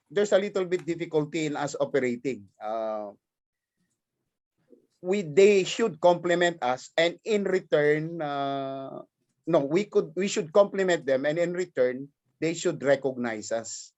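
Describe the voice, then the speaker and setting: A man's voice: fairly high pitch, unhurried, a little mellow, dull audio. A man from the Philippines with a Filipino accent, giving an emphatic formal speech at a virtual forum and repeating his key points. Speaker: cooperative leader giving remarks.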